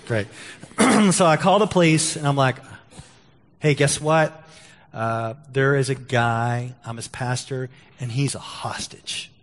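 Pastor preaching in a reverberant church hall. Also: male voice, medium pitch, slow pace. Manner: storytelling, lively quoted voices, stammered restarts. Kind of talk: sermon with story and prayer. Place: church sanctuary.

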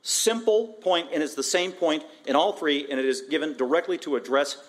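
A man preaching from the pulpit, his voice sitting a little higher than most men's. He is emphatic and animated, hammering points through repeated phrases and rhetorical questions as he teaches verse by verse. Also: normal speed. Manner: emphatic, animated, with frequent repetition. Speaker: pastor. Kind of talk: expository sermon.

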